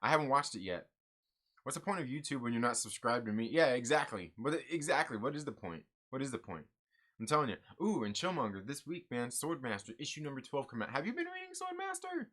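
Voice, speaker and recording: A man's voice: medium pitch, expressive, fast talker, fairly bright tone. A man hosting a comic book channel, chatting casually and answering viewer comments in an upbeat, rambling way with lots of fillers.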